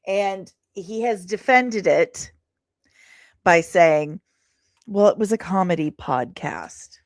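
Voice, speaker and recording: A woman's voice: on the low side, expressive, slow. A woman hosting a casual live stream, chatting to viewers and reading aloud from a post. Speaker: host.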